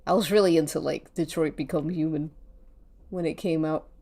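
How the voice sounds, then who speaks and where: A woman's voice: deep voice, fairly even intonation, moderate pace, mellow. A woman streaming while she draws, chatting casually, rambling and thinking aloud, with casual swearing. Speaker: art streamer.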